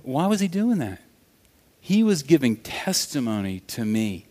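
A man preaching a sermon, telling stories in an animated way that swings from loud to hushed. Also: mid-range voice, unhurried. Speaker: pastor. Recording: long reverb of a large hall.

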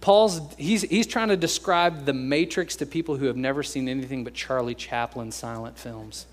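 A young American man preaching to his congregation. He keeps it loose and conversational, cracking jokes and slipping into quick impressions of everyday people. His voice sits at an ordinary middle pitch. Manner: conversational and joking, acts out quoted voices. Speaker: pastor. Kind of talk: sermon.

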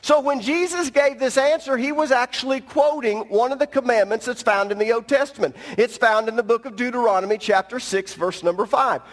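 High-voiced man preaching in a reverberant hall. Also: fairly quick, few pauses. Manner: emphatic, teaching, addresses congregation directly. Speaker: pastor. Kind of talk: sermon. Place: church sanctuary at the pulpit.

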